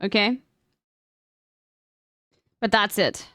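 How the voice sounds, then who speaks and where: A woman's voice: mid-range voice, drawn-out words, a bit bright, no room sound, studio quality. A woman chatting casually on her stream, rambling and emphatic with plenty of swearing.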